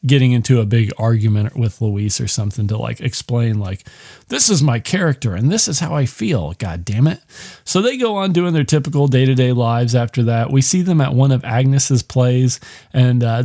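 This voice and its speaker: A man's voice: medium pitch, warm tone, no echo, clean studio sound. Profane, rambling man recapping a film. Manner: rambling, profane, heavy on fillers. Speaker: podcast host.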